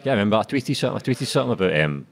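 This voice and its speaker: A young Glaswegian man with a low, deep voice, rattling through a casual interview at a quick clip. He swears freely, uses local slang and laughs a lot as he talks. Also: animated, vocal fry. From Scotland. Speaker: author guest.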